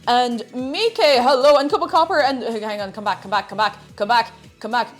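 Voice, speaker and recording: A woman's voice: a little high, moderate pace. A young woman chatting on a live cooking stream, bubbly and sing-song as she greets her chat from a home kitchen. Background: faint background music.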